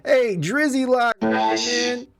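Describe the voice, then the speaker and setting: Slow-talking podcast host man, laughing. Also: extremely high pitch, fairly even intonation, gravelly, fairly bright tone, faint music behind. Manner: laughing often, swearing freely, loose. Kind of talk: casual podcast chat.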